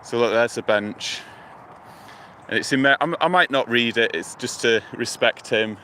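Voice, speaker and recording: A man from the UK holds his phone as he walks past a lake and river near a motorway, streaming live and talking viewers through what he sees in a relaxed, rambling, thinking-aloud way. He speaks at medium pitch and normal speed in a bright, forward voice, with faint traffic hum in the background.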